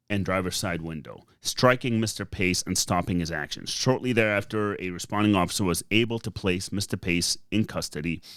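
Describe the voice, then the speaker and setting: A man's voice: sits low, fairly bright tone, clear, resonant tone, no echo, clean studio sound. Boston-accented man, casual podcast co-host. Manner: halting, many fillers and restarts.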